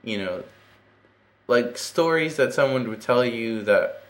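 A man co-hosting a podcast in casual chat, relaxed and agreeable with frequent fillers. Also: medium pitch, slow. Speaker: podcast co-host.

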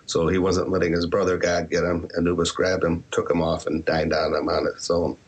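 Low-voiced man answering interview questions. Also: little pitch movement, brisk, slight background noise. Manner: candid, rambling with self-deprecating asides. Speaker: author and podcaster.

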